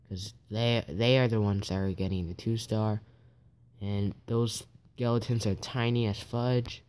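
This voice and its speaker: A man's voice: lowish voice, steady tone, a little slow, a little mellow. A man hosting a gaming video, talking casually through the gameplay in a chatty, teasing way. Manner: chatty and teasing, with mock laughter.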